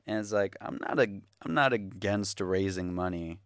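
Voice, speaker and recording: A man's voice: low voice, normal speed, a bit bright, smooth, no room sound, clean studio sound. A young man ranting into the camera, exasperated, sarcastic and profane in a casual vlog. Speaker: vlogger.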